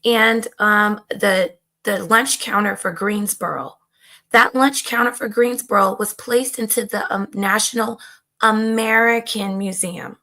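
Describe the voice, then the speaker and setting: Hoarse woman explaining steadily. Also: mid-range voice, fairly even intonation, measured pace, bright, forceful tone. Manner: explanatory, hesitant with fillers. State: hoarse, voice going out. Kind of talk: casual discussion.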